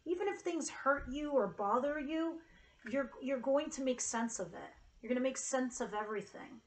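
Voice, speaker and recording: Woman, tarot reader, high-ish voice, earnest, emotional, swears casually. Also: moderate pace, poor audio. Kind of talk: casual tarot reading to camera.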